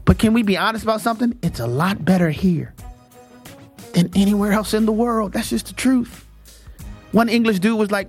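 An American man hosting a talk show monologue, emphatic and animated, acting out quotes as he goes. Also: sits high, fairly quick, soft background music. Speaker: show host.

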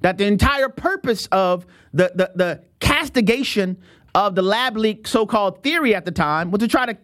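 An American man hosting a talk show monologue, emphatic and animated, acting out quotes as he goes. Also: high-pitched, normal speed. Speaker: show host.

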